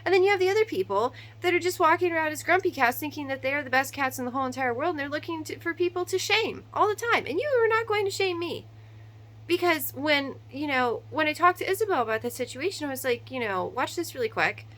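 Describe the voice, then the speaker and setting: A woman in her thirties, a mother of three, venting in a casual, animated monologue to camera with quick asides and rhetorical questions. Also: sits high, poor audio.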